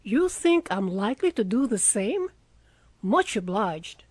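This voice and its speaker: A woman voicing a teasing, good-natured wealthy young man in an audiobook reading, with a lively, coaxing way of talking. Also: medium pitch, unhurried, no room sound.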